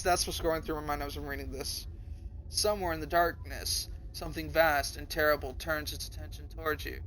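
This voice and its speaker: A young male streamer with a bright, forceful voice reads a story aloud on stream and stops often to react. He swears freely, and he breaks into high, panicked cries when the story gets wild. His voice sits a little above the usual male range. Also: steady tone, brisk.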